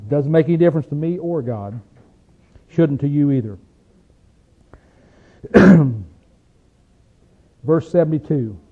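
Southern hillbilly preacher guy, kinda high voice, folksy, sounds like it's coming through a phone. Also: animated. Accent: Southern American hillbilly. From Appalachian region, USA. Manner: folksy, rhetorical questions, reads scripture slowly. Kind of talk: sermon. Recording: tinny phone-like recording.

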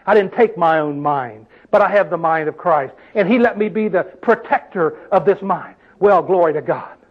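Man, high-pitched preacher, exclamatory sermon, muffled lo-fi recording. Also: moderate pace. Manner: preacherly, call-and-response exclamations. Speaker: pastor. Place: church hall.

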